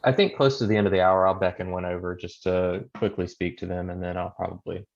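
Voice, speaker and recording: Man, tabletop player, decisive, gravelly, muffled lo-fi recording. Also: low-pitched, fairly even intonation, fast talker. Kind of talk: tabletop role-play. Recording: dull lo-fi mic.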